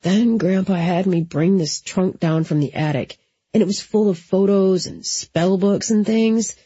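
A woman reading the part of a shaken young man who quietly confesses a family secret, in a dry, slightly dull recording. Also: high-pitched, measured pace, husky, no room sound. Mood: uneasy. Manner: quiet, hushed.

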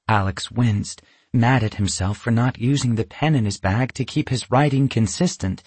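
A man narrating a children's storybook in a lively, expressive way. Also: medium pitch, normal speed, slightly rough, no echo. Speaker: audiobook narrator.

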